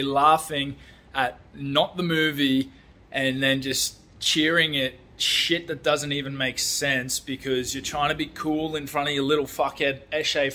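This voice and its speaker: A man's voice: fairly high pitch, a bit bright. A man vlogging in a casual, blunt, sweary way, ranting about a film and talking about his building work. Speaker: vlogger, construction worker. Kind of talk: casual chat.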